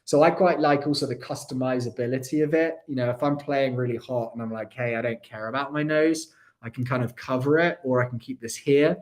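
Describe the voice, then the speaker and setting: Male streamer, mid pitch, casual and apologetic, keeps coughing from a dry throat. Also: steady tone, brisk, hardly any pauses, darkish tone. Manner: chatty, rambling, apologetic. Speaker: airsoft channel host. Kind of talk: casual livestream chat.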